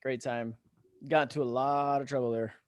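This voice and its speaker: A man's voice: mid-range voice, fairly even intonation, normal speed, dry recording. A man on a remote call, telling stories in a laid-back, casual way, swearing freely and chuckling as he goes. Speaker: podcast guest, retired veteran. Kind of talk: casual storytelling.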